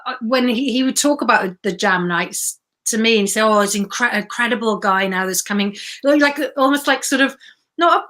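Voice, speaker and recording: A woman, a podcast guest, chatting and telling stories with quick asides. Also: a little high, a bit bright. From Wales. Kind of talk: casual chat.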